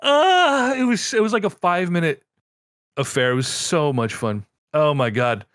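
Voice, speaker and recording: A man's voice: fairly high pitch, normal speed, no room sound, studio quality. A man co-hosting a casual gaming podcast, telling a story with lots of energy and some swearing. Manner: animated storyteller, swears freely. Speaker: podcast co-host.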